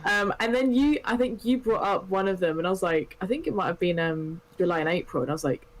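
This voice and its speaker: A man co-hosting a podcast in casual chat, talking in a halting way with many restarts. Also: sits high, expressive, low-quality recording. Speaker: podcast co-host.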